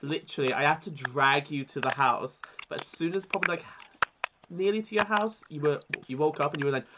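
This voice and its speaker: A man's voice: fairly high pitch, fairly quick. A man, a drag performer, teasing his friend and correcting the story in casual livestream chat. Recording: video call audio with clear background noise.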